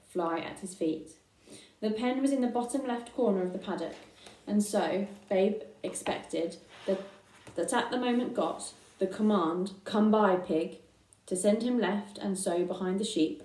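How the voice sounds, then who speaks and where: A woman reading a children's story aloud, unhurried, sometimes pausing with fillers. Her voice is mellow and sits back from the mic. The room around her is echoey. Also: medium pitch, far from the mic. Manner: unhurried, with fillers between phrases. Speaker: reader.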